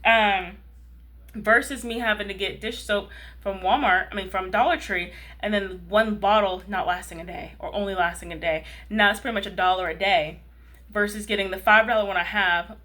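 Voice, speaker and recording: A woman's voice: mid-range voice, steady tone, normal speed, fairly bright tone. Chatty thirty-year-old woman vlogging. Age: 30s. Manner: chatty and rambling, keeps asking "you know what I mean". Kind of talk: casual chat to camera.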